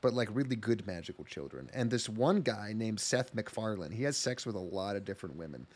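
A man's voice: fairly low pitch, animated, a little fast, darkish tone. A man co-hosting a podcast in casual chat, joking and riffing on an anime episode. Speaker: podcast co-host.

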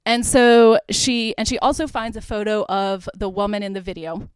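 A young woman hosting a podcast casually retells a movie plot, chatting away with lots of "like" and little laughs. Her medium-pitched voice is clear and resonant, at a normal speed.

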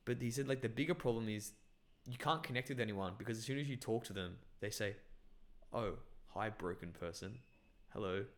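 A man's voice: medium pitch, quick pace, hardly any pauses. A young man from Bangladesh telling a long, rambling story in casual chat, swearing and filling with "like" and "bro". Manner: rambling, profane storytelling with many fillers.

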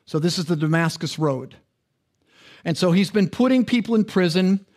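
A man's voice: high voice, animated, normal speed, darkish tone. A male pastor preaching a sermon in a conversational, interactive way, often asking the congregation questions.

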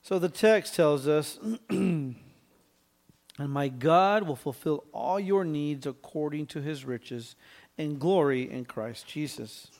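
A man delivers a verse-by-verse sermon in a somewhat high voice. He keeps checking in with his listeners with quick "right?"s and clears his throat from time to time. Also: a little mellow. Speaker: pastor.

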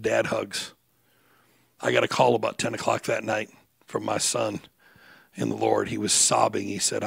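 Gravelly-voiced male preacher, bright and rough. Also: medium pitch, dry recording, studio quality. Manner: conversational preaching that builds to loud, emphatic outbursts. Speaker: pastor. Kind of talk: sermon.

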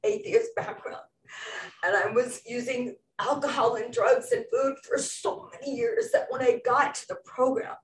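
A middle-aged woman giving a tearful, emphatic tribute speech at a memorial gathering, choked up and halting. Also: on the high side, slight background noise. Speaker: speaker at a memorial. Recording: roomy, distant mic with faint ambience.

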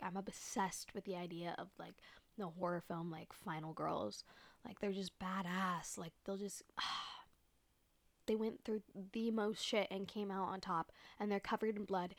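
A young woman hosting a solo podcast in casual chat, rambling with many fillers and swearing freely, sometimes dropping to a soft whisper close to the microphone. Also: lowish voice, gravelly, dry recording. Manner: drops to soft whispers at times. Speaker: podcast host.

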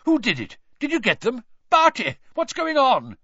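Guy doing a squeaky breathless wizard official, all over the place, dull lo-fi sound. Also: huge pitch swings, bright, forceful tone, dry recording, exaggerated voice. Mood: flustered. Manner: breathless, squeaky, rapid questions. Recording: dull lo-fi recording.

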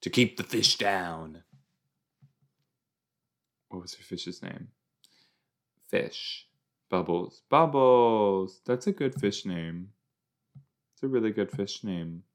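A man casually commenting while he watches a show, chatty and quick to exclaim or laugh. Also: deep voice, fairly bright tone. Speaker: reaction video host.

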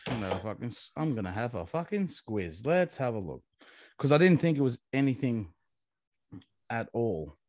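Lively Australian bloke, swearing a lot. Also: male voice, mid-range voice, normal speed, no echo. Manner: heavy swearing, animated storytelling. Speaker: podcast co-host. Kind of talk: casual chat.

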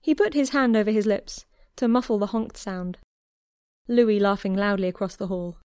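A woman reads a romance story aloud in an even, steady telling. Her voice sits at a middling pitch. The recording is dry, with no room sound. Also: normal speed, clean tone, no room sound. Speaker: narrator. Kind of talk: audiobook narration of fan fiction.

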